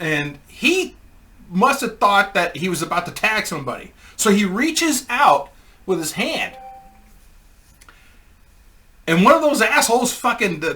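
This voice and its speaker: A man with a fairly high, bright, forceful voice tells a rambling comic anecdote. He is crude and casual and laughs along at his own story.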